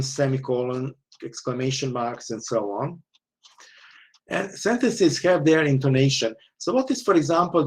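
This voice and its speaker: A man's voice: mid-range voice, a little mellow. Man lecturing, constant "okay?" checks. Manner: frequent "okay?" checks, restarts, explanatory. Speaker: university lecturer. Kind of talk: online lecture.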